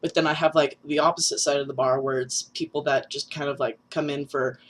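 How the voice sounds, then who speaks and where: A man's voice: a little high, fairly even intonation, brisk, a bit bright. Young trans guy w a nasal voice, rambly chatty vlog, lots of likes and ums. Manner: chatty and rambling, many fillers, laughs at self. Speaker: vlogger. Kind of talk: casual vlog update.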